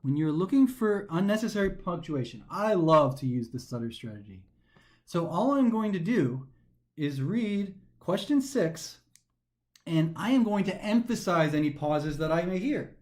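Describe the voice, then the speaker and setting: A man teaching a recorded grammar lesson for a test, talking animatedly and slowing down to stress the pauses as he reads sentences aloud, sometimes tripping over his words. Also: high voice. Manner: animated, emphatic, slows down to stress pauses when reading aloud. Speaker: test prep instructor.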